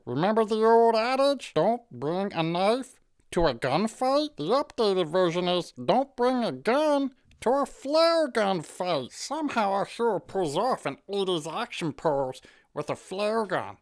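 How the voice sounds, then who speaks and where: A woman's voice: medium pitch, big pitch swings, measured pace, a little mellow. Sarcastic, swearing woman movie reviewer. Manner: mocking, profane, sarcastic. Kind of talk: sarcastic comedic review narration.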